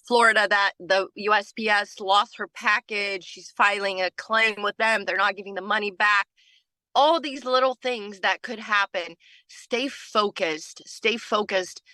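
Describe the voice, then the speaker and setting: A woman's voice: mid-range voice, pushed and bright, no echo, poor audio. A woman leading a team training call, talking earnestly and repeating phrases for emphasis, tired from lack of sleep. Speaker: team leader. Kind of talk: motivational team training talk.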